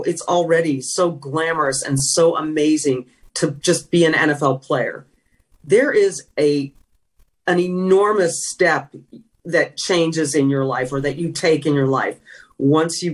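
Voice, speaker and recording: A retired sideline reporter from California appears as a guest in a conversational interview, sharing reflective and emotional stories. She has a deep voice with a breathy edge, recorded from a distance.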